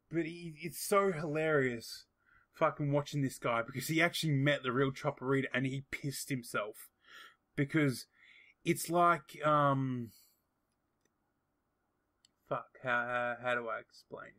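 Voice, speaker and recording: A man from Australia with an Australian accent, chatting casually on a podcast and telling stories in a crude, profane, animated way. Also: medium pitch. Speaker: podcast guest.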